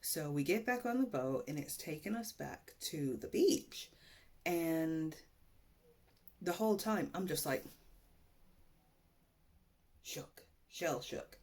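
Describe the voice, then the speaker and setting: A young woman with a low-pitched voice tells a personal story on her podcast. She talks slowly, swears freely and pokes fun at herself as she rambles on. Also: animated, a little mellow. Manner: profane, rambling, self-mocking. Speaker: podcast host. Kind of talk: casual storytelling monologue.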